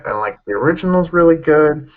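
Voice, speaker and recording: Co-host, male, 20s, excitable and giggly, very lively pitch, tinny phone-like audio. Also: a little fast. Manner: excitable, laughs often, lots of fillers. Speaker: podcast co-host. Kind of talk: casual chat.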